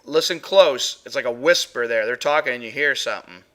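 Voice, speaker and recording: A man's voice: medium pitch, fairly quick, noisy background. A man hosting a live paranormal stream, chatting casually as he plays and reviews audio clips with his chatroom. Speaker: paranormal show host.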